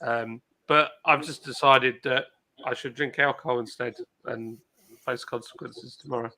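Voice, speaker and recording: A man's voice: medium pitch, fairly even intonation, moderate pace, bright, forceful tone. A man hosting a casual livestream chat, reading out viewer comments and bantering. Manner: chatty, banters and reads out chat messages. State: ill and isolating. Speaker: livestream host.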